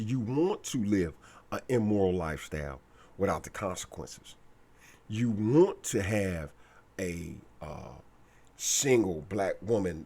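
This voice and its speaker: A man's voice: lowish voice, dark tone, breathy edge. A man delivering a blunt, repetitive, slangy preachy monologue as a commentator.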